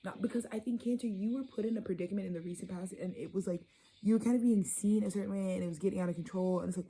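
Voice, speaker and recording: A woman's voice: medium pitch, fairly even intonation, very fast, mellow, breathy edge, low-quality recording. A woman giving a casual tarot reading, blunt and profane, rambling and sometimes dropping into a whisper. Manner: drops into whispers. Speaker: tarot reader.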